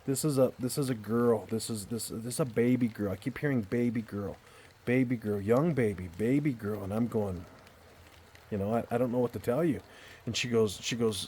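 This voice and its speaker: A man's voice: medium pitch, normal speed, a little mellow. Earnest rambling man telling a story. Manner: rambling, repeats words and restarts often; earnest and heartfelt. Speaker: storyteller vlogger. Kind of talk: casual spoken storytelling. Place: outdoors in a backyard at night.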